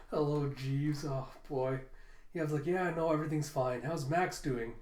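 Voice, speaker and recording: Guy with a higherish voice reading out manga lines and laughing a lot, echoey room. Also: steady tone, moderate pace, a little mellow. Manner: retells the story, breaking into laughter. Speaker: manga reviewer. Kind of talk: casual reaction recap reading lines aloud.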